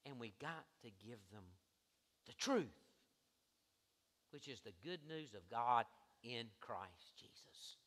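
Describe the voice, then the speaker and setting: A man preaching a sermon as pastor, swinging between hushed asides and loud, soaring exhortation. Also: medium pitch, lively intonation, takes it slowly, long pauses. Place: church sanctuary. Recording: reverberant church sanctuary.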